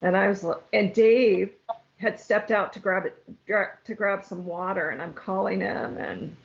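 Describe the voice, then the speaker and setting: A woman's voice: medium pitch, fairly even intonation, gravelly. A woman guest telling her own story in an interview, earnest and at times tearful. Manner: emotional, halting, tearful at times. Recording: slightly dull, lo-fi sound.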